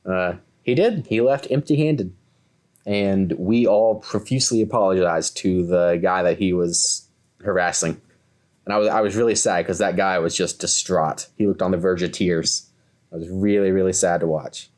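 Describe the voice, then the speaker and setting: Speaking at a moderate pace in a low-pitched voice, this podcast co-host from Kentucky is in his twenties. He tells his story casually and with animation, performing the quoted voices of the characters.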